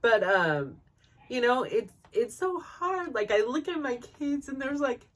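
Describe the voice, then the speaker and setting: A woman's voice: a little high, lively intonation, moderate pace. A woman in her forties, a podcast host telling a personal story in a rambling way, full of fillers and laughing through tears at times. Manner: rambling, full of likes and you-knows.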